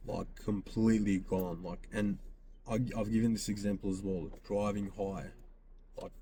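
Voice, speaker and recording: A man with a low, mellow voice tells a story from his own life on his podcast. He speaks casually, quoting himself over and over. Faint noise sits behind him. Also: level tone, moderate pace. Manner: repeats himself, quotes himself with "I go". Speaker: podcast host. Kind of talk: personal storytelling.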